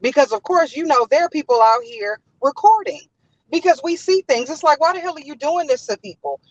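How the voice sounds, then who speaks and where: Animated and brisk, a woman hosts passionate casual commentary in a high, Los-flavored voice, indignant and emphatic, restating points for force. There's no room sound, and the audio is dull and lo-fi.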